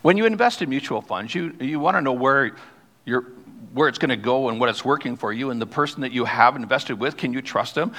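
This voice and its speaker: A man preaching a sermon as pastor, reading scripture aloud and slowing down to stress key words. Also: mid-range voice, animated, fairly bright tone. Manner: reads scripture aloud, then explains it. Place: church sanctuary. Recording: long hall reverb.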